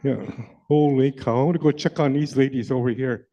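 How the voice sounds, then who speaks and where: A man's voice: mid-range voice, steady tone, a little fast, mellow, lightly acted. A man playing a flirty, rambling joker who teases the crowd with live comedy, talking into a handheld mic. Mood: teasing. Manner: teasing, rambling, chatty, peppered with "eh". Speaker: stand-up comedy character entertaining a crowd. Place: large event hall. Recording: dull, muffled live-event recording.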